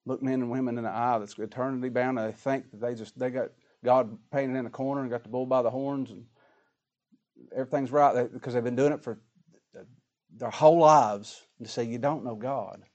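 Folksy preacher with swings in volume. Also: male voice, medium pitch, steady tone, fairly quick, lo-fi sound. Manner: folksy, dramatic, swings from quiet to loud. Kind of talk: sermon.

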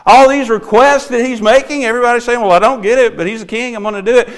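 High-voiced preacher, earnest sermon. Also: male voice, steady tone, fast talker. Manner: earnest, swings between emphatic and hushed; sings a few hymn lines.

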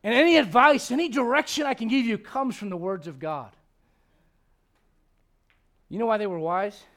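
Pastor guy with a high voice preaching a sermon, lots of "you know why?" type questions, really emphatic. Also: moderate pace, fairly bright tone. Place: church service before a congregation.

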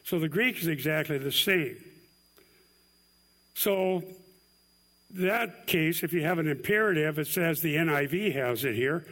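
A man giving a sermon in a relaxed, explanatory way, like a teacher walking a congregation through a tricky point. His voice sits a little higher than most men's. He slows down to lean on key words and drops in light asides. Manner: conversational, explanatory, self-deprecating asides. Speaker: pastor.

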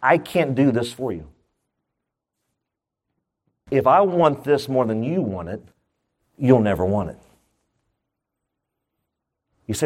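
A middle-aged male pastor preaching a sermon in an emphatic style, with comic asides and sudden jumps up in pitch. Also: animated, a little slow, long pauses, darkish tone, breathy edge.

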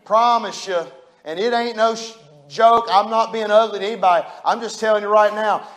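High-voiced preacher, fervent. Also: male voice, fairly even intonation, moderate pace, a bit bright. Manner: preaches with rising fervor, folksy and emphatic. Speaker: pastor. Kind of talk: sermon.

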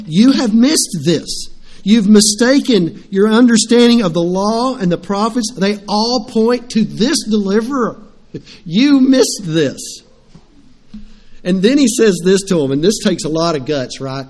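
High-voiced man preaching a lively sermon. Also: unhurried. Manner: animated storytelling, rhetorical questions to the congregation. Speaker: pastor.

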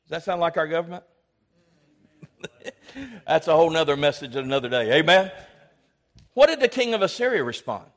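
A man's voice: sing-song, moderate pace, pauses often. Emphatic preacher man. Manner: emphatic, swings from loud exhortation to low asides, calls for amens. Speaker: pastor. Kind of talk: sermon.

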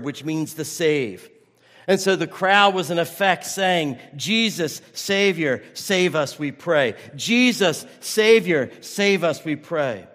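A man's voice: on the high side, fairly bright tone, in a large hall. A man preaching a sermon as pastor, earnest and urgent, often restarting his phrases.

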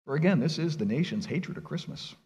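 A male pastor preaching a sermon in a conversational, animated way, asking his listeners rhetorical questions and speaking casually with them. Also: on the high side, a little fast. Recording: long reverb of a large hall.

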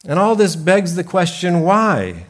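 A man preaching a sermon slowly and deliberately, pausing for emphasis. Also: sits high, sing-song. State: briefly choked up. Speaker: pastor.

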